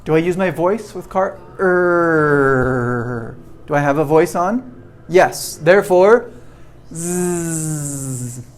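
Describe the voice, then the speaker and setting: A man teaching a pronunciation lesson, explaining slowly and checking in often with "okay?". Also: a little high, lively intonation. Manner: slow, repetitive, checking in with "okay?". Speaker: English teacher.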